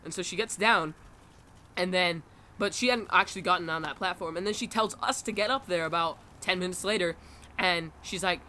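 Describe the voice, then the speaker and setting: A man's voice: sits high, brisk, bright, forceful tone, a little hiss or hum. A teenage boy telling a funny story casually, acting out quotes and laughing often.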